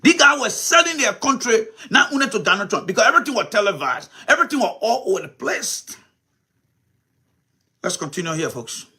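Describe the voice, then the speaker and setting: A man hosting a live commentary stream, animated and repetitive, talking straight to his viewers. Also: sits high, a little fast, husky. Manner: animated, repeats himself, talks to viewers as folks. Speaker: commentary show host.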